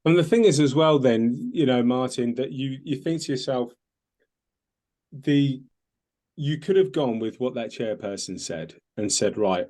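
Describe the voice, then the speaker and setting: A man's voice: mid-range voice, unhurried, dark tone. A man, a medium hosting a casual talk, speaking earnestly and reflectively with many fillers. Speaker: host, medium.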